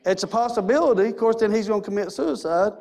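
A man's voice: sits high, quick pace, vocal fry, a little mellow. A man preaching a sermon in a church, emphatic and repetitive, with many rhetorical questions. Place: church sanctuary.

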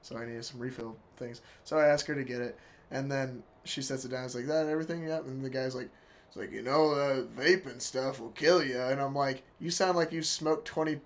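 A man's voice: medium pitch, fairly even intonation, fairly quick. A young man with a sore throat co-hosting a casual chat, laughing often and joking loosely.

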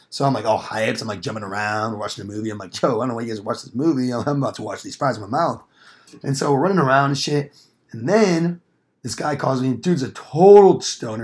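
A man's voice: mid-range voice, expressive, fairly quick. A young man casually telling a rambling, profane story on a podcast, acting out quoted lines. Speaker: podcast co-host.

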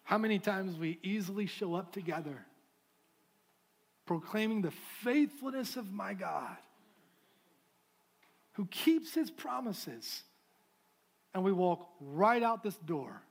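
A man preaching a sermon as pastor of a church, moving from fervent declarations to a softer, prayerful tone. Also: sits high, lively intonation, slow pace, long pauses, slightly rough. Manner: impassioned preaching, shifting to soft prayerful tones. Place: church sanctuary.

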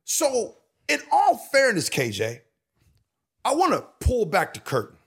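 A man co-hosting a podcast chat, spinning a story with a voice that swoops up and down as he acts out each person. His tone is a little husky and breathy. He talks casually and with plenty of energy. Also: measured pace. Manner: lively, acts out quotes with big pitch swings. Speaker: podcast co-host.

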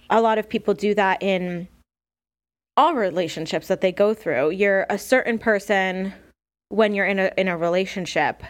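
A young woman hosting a podcast, talking candidly in a rambling personal monologue full of fillers and restarts. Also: mid-range voice. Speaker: podcast host.

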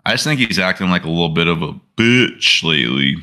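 Bright, deep-voiced man joking around. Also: expressive, brisk. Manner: loose, profane, joking. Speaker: podcast co-host. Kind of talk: casual chat.

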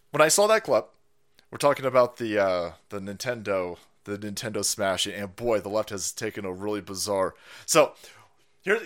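A man's voice: mid-range voice, fairly bright tone. A man hosting a livestream, ranting in a profane, sarcastic, mocking manner. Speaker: streamer host.

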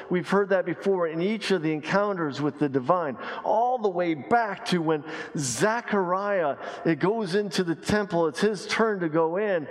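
A man preaching a sermon as pastor, emphatic, repeating key phrases and dropping his voice low and slow to stress a point. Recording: long reverb of a large hall.

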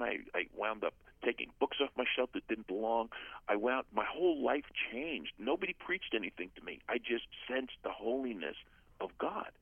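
A man's voice: medium pitch, vocal fry, slightly rough, no echo, narrow, tinny audio. Older guy telling his faith story, earnest, dry close phone audio. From USA. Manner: earnest storyteller, acts out quoted voices. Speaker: guest author. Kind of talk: personal testimony in an interview.

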